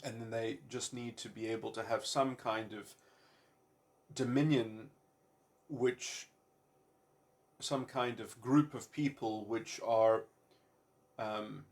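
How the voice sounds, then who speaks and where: A man's voice: on the low side, steady tone, slow pace, long pauses. A man giving an unscripted philosophical monologue, stopping often to search for words, with many fillers and repeated starts and abstract, wordy phrasing. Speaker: commentator.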